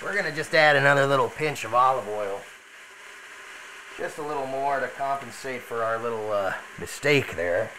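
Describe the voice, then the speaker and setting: A man's voice: medium pitch, normal speed, noisy background, close to an everyday voice. Columbo, as a man puts him on while cooking. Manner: rambling, muttering asides to himself. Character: rumpled Italian male TV detective, mild and rambling. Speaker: streamer cooking chili in character. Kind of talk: live cooking stream, in character.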